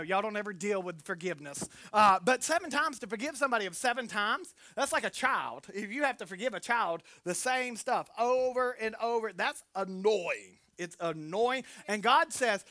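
A man preaching a sermon in a church, telling a story with animated voices and joking with the congregation. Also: extremely high pitch, dry recording, studio quality. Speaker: pastor.

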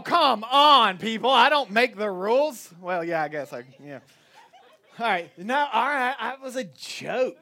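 Southern pastor, man, very high voice, joking sermon storyteller, teases the crowd. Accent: Southern US (Northwest Florida). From Northwest Florida, USA. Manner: joking, animated storytelling, quick asides to the crowd. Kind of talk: sermon with jokes to a congregation.

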